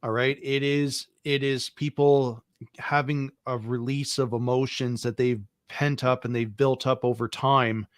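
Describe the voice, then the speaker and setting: A man's voice: medium pitch, flat delivery, a little slow, smooth, no echo, studio quality. A man guesting on a political discussion, arguing through a stream of pointed rhetorical questions. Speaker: podcast guest.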